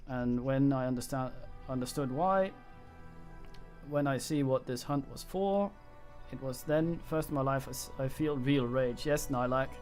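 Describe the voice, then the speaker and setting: A man's voice: medium pitch, measured pace, darkish tone, soft background music, lightly acted. A man voicing a proud, angry exiled female barbarian from a game, reading the lines plainly in his own voice with slips. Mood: defiant. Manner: reads dialogue aloud, stumbles on words.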